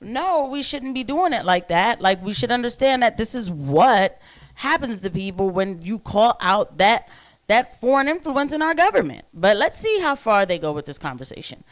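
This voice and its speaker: A woman's voice: a little high, very animated, moderate pace. A woman giving casual reaction commentary on a podcast clip, chatty with sarcastic asides.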